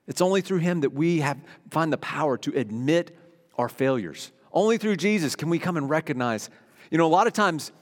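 A middle-aged man preaching a sermon as pastor, earnest and conversational, moving between loud emphasis and hushed, quiet lines. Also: on the high side. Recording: long reverb of a hall.

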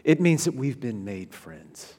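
A man's voice: medium pitch, unhurried, slightly rough. Man preaching in a reverberant hall. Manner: animated preaching with frequent restarts, rising loud then dropping quiet. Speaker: pastor. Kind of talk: sermon.

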